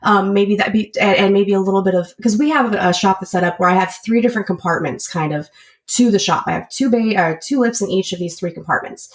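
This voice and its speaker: A woman's voice: medium pitch, brisk. A woman who works as an auto shop service advisor, a podcast guest talking candidly and chattily with fillers and self-corrections. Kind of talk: casual interview chat.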